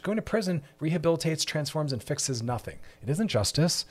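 A man's voice: a little high, big pitch swings, fast, hardly any pauses, breathy edge. A man hosting a mental health podcast, talking passionately and preachily, with emphatic repetition. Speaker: podcast host.

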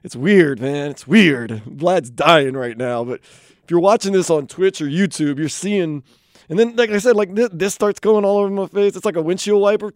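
A man's voice: high voice, moderate pace, dry recording. A man hosting a sports radio show in a studio, joking about himself between headlines. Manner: playful, self-mocking, jokey.

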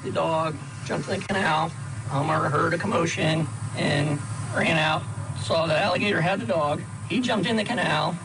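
A man's voice: fairly high pitch, normal speed, noisy background. A man giving a clipped, matter-of-fact account of an incident in a news clip. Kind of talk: factual account.

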